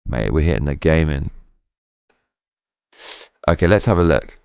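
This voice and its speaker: A man's voice: rumbling low, lively intonation, a little slow, creaky, clear, resonant tone, dry recording, lo-fi sound. A man streaming a game, talking casually to his chat while drunk, rambling and swearing.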